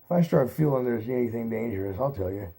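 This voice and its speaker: A man's voice: medium pitch, expressive, quick pace, dark tone, lightly acted. A man reading aloud and voicing a timid young male rabbit who trembles and pleads in fear. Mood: uneasy.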